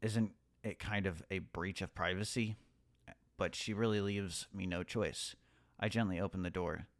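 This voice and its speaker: A man playing a story game, reading its text aloud in a hushed voice and breaking off to swear and react. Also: fairly even intonation, normal speed, no echo. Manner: reads the story in a hushed, low voice, breaking into swearing and alarmed outbursts. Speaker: gaming YouTuber. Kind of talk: reading a visual novel aloud while playing.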